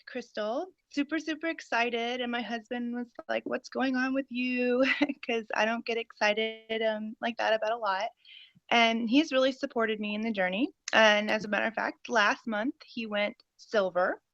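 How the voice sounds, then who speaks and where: A woman in her forties gives an eager, rambling testimony, full of fillers, in a somewhat high voice. The sound is dull and lo-fi and completely dry, with no room around it. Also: a bit bright, no echo. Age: 40s. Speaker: caller giving a testimony. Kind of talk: personal testimony on a call.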